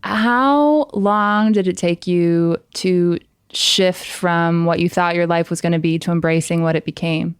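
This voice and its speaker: A woman's voice: on the low side, a little slow, clear, resonant tone, no room sound. A woman guest on a podcast, chatting and telling stories with frequent laughter, recorded on a studio mic. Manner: laughs often, animated storytelling. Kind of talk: casual interview chat. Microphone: studio headphones and mic.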